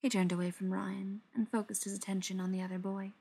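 A woman narrating a novel aloud, steady and dramatic, dropping to a hush in quieter passages. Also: medium pitch, fast talker, vocal fry, husky. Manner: steady, dramatic reading with soft, hushed passages. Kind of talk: audiobook narration.

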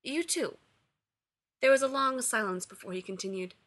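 A woman reading fan fiction aloud in a steady storytelling narration. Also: medium pitch, fast. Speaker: reader.

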